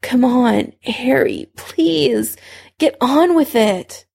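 A woman's voice: high voice, slow, vocal fry, a little mellow, pitched above the performer's own voice, heavily acted. A woman reading fan fiction aloud, voicing an impatient, pleading adult man in a raised voice. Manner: pleading, demanding.

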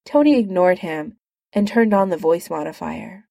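Woman, story narration, light, amused, lively, dry. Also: fairly low pitch, moderate pace, gravelly, dry recording. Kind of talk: fan fiction audiobook reading.

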